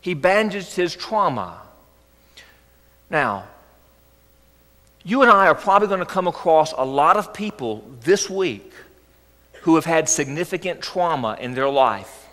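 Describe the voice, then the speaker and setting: A man preaching a sermon as pastor, earnest and gently coaxing, often asking rhetorical questions. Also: on the high side, big pitch swings, unhurried, long pauses. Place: church sanctuary. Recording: echoey church hall.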